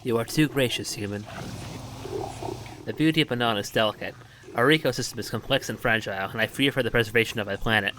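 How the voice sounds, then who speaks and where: A man's voice: mid-range voice, quick pace, background noise, natural voice. A man reading the lines of a formal, worried male alien official in his own voice. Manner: formal, earnest.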